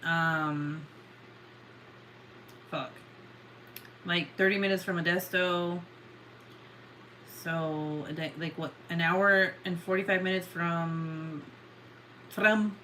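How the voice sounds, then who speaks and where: A woman's voice: fairly low pitch, a bit bright, a little hiss or hum. A young woman from California who hosts a late-night livestream, chatting casually, sounding sleepy, swearing a lot and laughing often. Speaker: livestream host.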